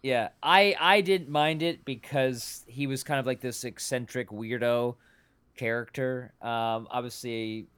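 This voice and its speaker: A man co-hosting a podcast in relaxed chat, his voice smooth and resonant at a middle pitch. He talks haltingly, stopping and restarting as he works through trivia. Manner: halting, many restarts and fillers, shares fun facts. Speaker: podcast co-host. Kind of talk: casual chat.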